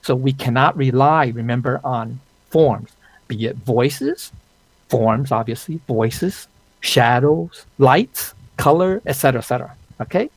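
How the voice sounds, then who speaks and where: A man lectures an online Dao study class in a relaxed, conversational way, stopping often to check that his listeners follow. His voice has a gravelly, husky grain. The sound is dry and close. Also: mid-range voice, unhurried, dry recording, poor audio. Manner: conversational, checks in with "okay?" and "right?"; frequent restarts and fillers.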